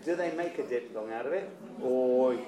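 Choir director in an echoey room. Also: male voice, medium pitch, animated, fast, crowd noise. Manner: encouraging, demonstrates vowels by singing. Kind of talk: choir rehearsal coaching. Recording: roomy echo with faint instrument.

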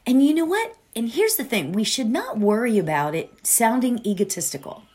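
A slightly high voice with big pitch swings and a breathy edge belongs to a middle-aged woman hosting a podcast at a moderate pace. Before leading a meditation, she chats casually and warmly, with lots of fillers and asides.

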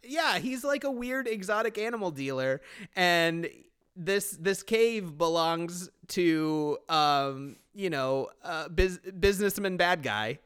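Animated man recapping a movie. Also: high voice, takes it slowly, smooth. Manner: animated, swearing, rambling with restarts. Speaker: podcast co-host. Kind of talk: casual chat recapping a movie.

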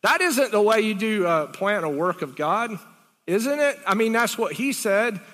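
A man's voice: sits high, sing-song, measured pace, fairly bright tone, in a large hall. A man preaching a sermon in a rambling, conversational way, full of rhetorical questions.

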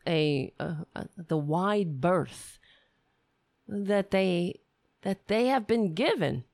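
A woman hosting a live-stream show, ranting and rambling in casual chat as she thinks aloud, her voice going hoarse. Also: on the low side, animated, slow, a little mellow, dry recording, studio quality. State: losing her voice.

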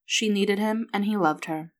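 A woman narrating a story aloud in an even, steady manner. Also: mid-range voice, moderate pace.

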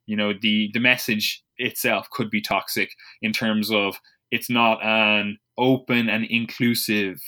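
Casual male co-host, bright edgy tone, profane, rambling, sarcastic mimicry. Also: lowish voice, flat delivery, a little slow. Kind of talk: casual chat.

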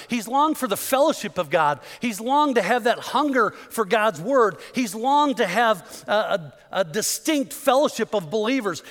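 A man's voice: very high voice, a bit bright. A man preaching a fervent sermon in a church, driving points home with repeated rhetorical questions. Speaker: pastor. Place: church sanctuary. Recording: long hall reverb in a church.

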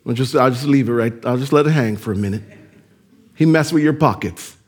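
A man preaching a sermon as pastor, animated and addressing the congregation with direct questions. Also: mid-range voice, brisk, breathy edge.

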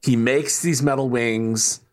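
A man's voice: mid-range voice, steady tone, takes it slowly. A man co-hosting a casual movie review podcast, mocking the film and swearing freely. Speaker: podcast co-host.

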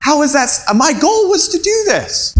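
A man preaching a sermon as a pastor, animated and acting out quoted voices. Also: extremely high pitch, moderate pace, rough recording.

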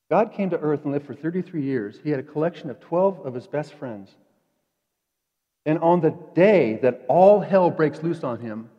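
A man preaching a sermon in a conversational way, dropping to quiet asides and rising to emphatic peaks. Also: a little high, husky. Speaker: pastor. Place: church sanctuary. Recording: dull echoey church hall.

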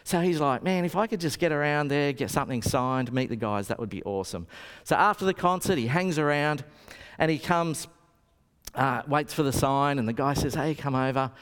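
A man's voice: on the high side, moderate pace, smooth. A man preaching a sermon, telling stories and acting out the quotes. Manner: storytelling, animated, acts out quotes. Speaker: pastor. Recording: long reverb of a hall.

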